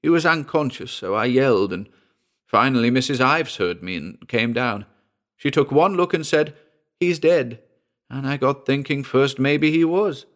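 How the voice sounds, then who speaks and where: A man voicing an earnest young boy telling what he saw in a halting, excited way. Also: medium pitch, voice pushed up. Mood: shaken, eager.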